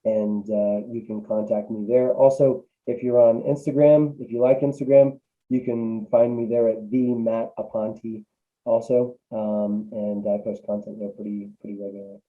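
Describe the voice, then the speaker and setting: A man's voice: on the low side, fairly even intonation, moderate pace, phone-quality sound. A man, a business coach guest, talking casually with many fillers and restarts over a remote call. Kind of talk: casual interview answers.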